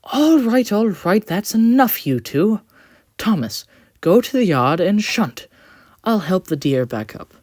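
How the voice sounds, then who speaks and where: A storyteller voicing a kind, polite male steam engine who speaks calmly and gently, with a little rambling. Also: mid-range voice, measured pace, no echo, clean studio sound, pitched above the performer's own voice. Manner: soft-spoken, warm, slightly rambling.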